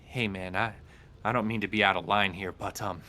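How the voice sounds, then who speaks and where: A man's voice: on the low side, steady tone, fairly quick, pushed and bright. A man voicing a skinny, nervous male necromancer who pleads in a rambling, hesitant way. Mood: pleading.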